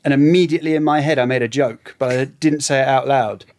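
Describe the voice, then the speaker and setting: A man speaks in a mid-range voice. He talks in a reflective, halting way and often trails off mid-thought. It is casual podcast conversation. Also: mid-range voice, fairly even intonation, darkish tone. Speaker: podcast guest.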